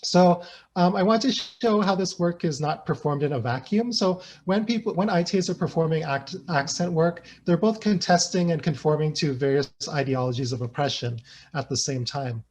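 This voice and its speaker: A man's voice: fairly high pitch, normal speed, a little hiss or hum. A man giving an academic lecture, casual and searching, with many fillers and tag questions. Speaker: guest lecturer. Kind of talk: academic talk.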